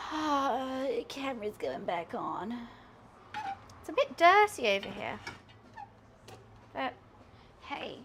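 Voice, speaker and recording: A young woman with a high, bright-sounding voice chats away to her stream audience as she cooks at home. She is self-mocking and breaks into laughter often. Her kitchen has a faint hum of noise behind her. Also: big pitch swings, slow, pauses often. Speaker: live streamer. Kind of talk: casual chat to a live stream audience while cooking.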